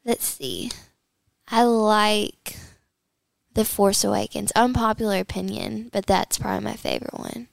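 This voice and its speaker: A woman's voice: mid-range voice, fairly even intonation, normal speed, vocal fry, no room sound. A woman co-hosting a casual studio chat, bubbly, giggly and easily flustered. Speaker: co-host.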